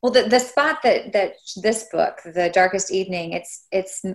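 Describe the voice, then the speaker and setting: A woman's voice: medium pitch, moderate pace. A woman interviewer asking curious questions and affirming answers, with stumbling restarts.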